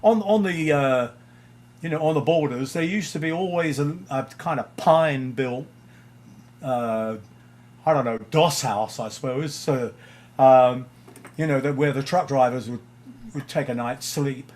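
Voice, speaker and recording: A man's voice: mid-range voice, a little slow, a little mellow. An older man from England, a guest musician, telling anecdotes in casual interview chat, chuckling and using frequent fillers.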